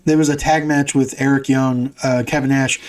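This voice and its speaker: A man's voice: mid-range voice, level tone, normal speed, a little mellow, distant mic. A man co-hosting a podcast, recapping events in order with eager, casual chat. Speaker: podcast co-host. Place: studio. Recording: voice a little off-mic.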